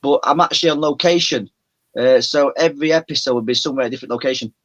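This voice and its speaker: A man's voice: medium pitch, quick pace, a bit bright. A man from Yorkshire with a mild Yorkshire accent, chatting as a guest over a video call, rambling and often restarting his sentences. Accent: mild Yorkshire English. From Yorkshire, England. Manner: rambling, many restarts and self-corrections. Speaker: guest, paranormal show presenter. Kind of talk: casual video-call chat.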